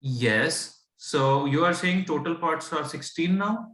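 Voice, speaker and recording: Speaking slowly in a somewhat high, slightly bright voice, a patient Indian tutor explains fractions in an echoey room. His accent is Indian English, he blends English with Hindi, and he keeps asking whether his student understands.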